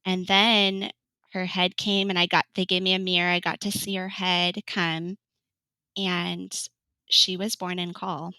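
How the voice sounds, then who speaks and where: Bright, chatty woman telling a story. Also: lowish voice, flat delivery, a little slow, clear, resonant tone, dry recording, low-quality recording. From California. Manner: chatty, laughs often, acts out quoted lines. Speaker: podcast guest. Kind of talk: telling her birth story in an interview.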